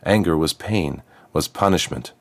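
A man reading a fantasy story aloud in a steady, measured narration. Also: extremely low pitch, dry recording.

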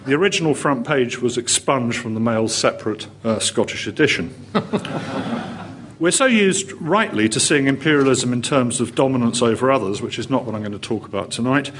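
A man giving a formal history lecture to an audience, measured and with dry wit. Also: mid-range voice, expressive, fairly bright tone, a little hiss or hum. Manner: measured, dry wit, read from a prepared text. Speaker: guest lecturer, history professor. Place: lecture hall.

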